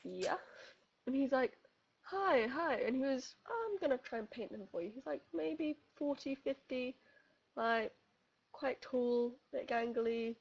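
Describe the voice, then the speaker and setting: Young woman telling a lively anecdote. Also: sits high, a little slow, creaky, slightly rough, lo-fi sound. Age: young adult. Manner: animated, laughing, acts out voices in quotes. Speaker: storyteller among friends. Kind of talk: casual chat.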